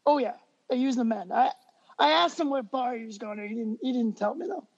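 A man, a podcast guest, telling stories in a casual, animated way and laughing as he goes. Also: very high voice, brisk. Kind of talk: casual storytelling. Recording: dull lo-fi recording.

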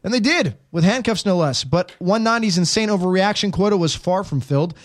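A man hosts a casual comedy talk show. His voice sits high for a man, and he reads a news story with dry, wry asides. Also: animated, brisk. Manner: wry, jokey delivery of a news bit. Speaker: host. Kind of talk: casual podcast chat.

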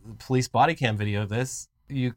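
A man's voice: mid-range voice, fairly quick. A man co-hosting a comedy news podcast, ranting in mock outrage and swearing freely as he riffs on odd headlines. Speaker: podcast co-host. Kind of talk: casual comedic news banter.

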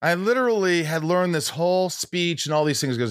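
A man hosting a casual interview podcast, animated and joking, slipping into mock German and impressions. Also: a little high, fairly quick, clean tone, no echo, clean studio sound. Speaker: podcast host.

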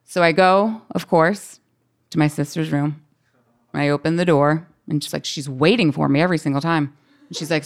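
A woman, a teacher, telling a personal story on stage with lively quoted voices and laughter. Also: lowish voice, fairly quick. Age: adult. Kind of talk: live storytelling.

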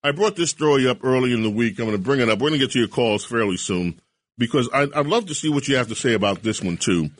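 A male talk radio host delivers an opinionated monologue, sarcastic and indignant by turns. His voice is husky and mid-pitched. The sound is close and dry, as from a studio. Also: lively intonation, quick pace, no room sound.

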